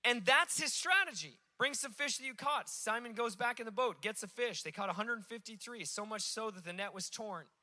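A man preaching from a stage, with a high, very bright voice and an animated, joking delivery. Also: normal speed, few pauses. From Alaska. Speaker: pastor. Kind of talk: sermon.

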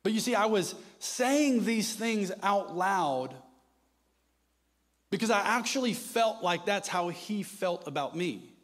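A male preacher with a somewhat high voice delivers a sermon at a slow, deliberate pace. He drops to hushed, intimate tones, then rises into loud, impassioned preaching. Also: lively intonation.

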